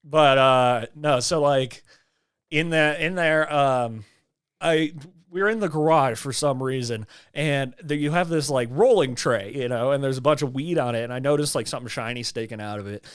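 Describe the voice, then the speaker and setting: A man co-hosting a podcast, telling a long dream story in animated, swearing, laughing casual chat. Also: mid-range voice, smooth. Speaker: podcast co-host.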